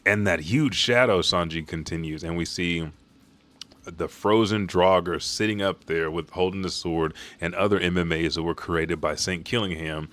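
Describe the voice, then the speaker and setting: A man's voice: deep voice, steady tone, moderate pace, a bit bright. A man hosting a live stream, casually narrating a comic chapter panel by panel with profanity. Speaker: manga reaction host.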